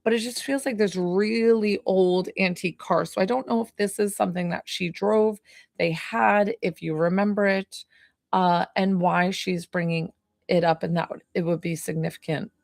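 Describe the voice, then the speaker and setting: A tired woman rambles through a live psychic reading, full of little fillers and trailing thoughts. Her voice has a gravelly fry to it, and the sound is close and dry with no room around it. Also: on the low side, steady tone, normal speed, a little mellow, no echo. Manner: chatty, rambling, hesitant with fillers. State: tired, yawning. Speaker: psychic medium. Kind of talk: live-stream medium reading.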